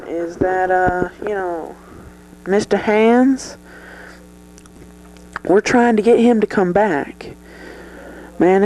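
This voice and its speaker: A performer playing a foul-mouthed male movie star with a high voice who swears constantly and keeps saying "man". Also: darkish tone, natural voice, poor audio. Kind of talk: improvised comedy sketch interview.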